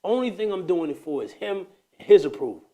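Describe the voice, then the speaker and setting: A man hosting a casual faith talk, telling a story with animated energy that slides into preaching. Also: sits high, quick pace. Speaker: host.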